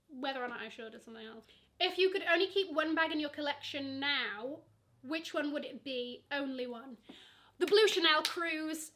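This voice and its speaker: A young Nigerian woman who vlogs about luxury chats casually through a Q&A, dropping lots of fillers and playful asides. Her voice sits high, bright and forceful.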